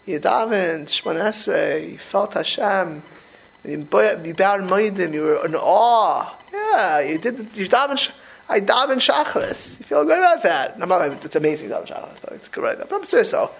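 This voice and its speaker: A middle-aged man talking in a casual conversation, animated and emphatic, often restarting his sentences. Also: high-pitched, moderate pace, vocal fry, a little hiss or hum, rough recording.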